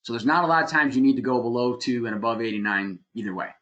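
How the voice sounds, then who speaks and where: A man's voice: mid-range voice, animated, quick pace, a bit bright, highs cut off. A man presenting an online webinar lecture, plainspoken and emphatic, explaining things step by step with some fillers, on a computer mic. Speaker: webinar presenter on heating and cooling design.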